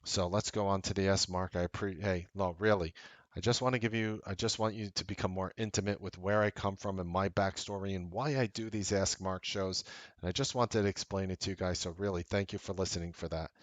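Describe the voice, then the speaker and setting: A man's voice: sits low, steady tone, fairly quick, no room sound. A man in his thirties hosting a trading show, talking casually with jokey, self-deprecating asides. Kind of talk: casual live-stream talk.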